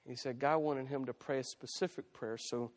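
A man's voice: mid-range voice, steady tone, moderate pace. A man preaching a sermon as pastor, talking in a conversational way with frequent restarts and repeated phrases. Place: church sanctuary. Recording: long reverb of a church hall.

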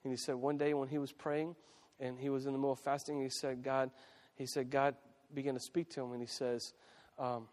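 A man's voice: medium pitch, level tone, brisk, few pauses, a little mellow. A man preaching a sermon as pastor, talking in a conversational way with frequent restarts and repeated phrases. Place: church sanctuary. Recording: long reverb of a church hall.

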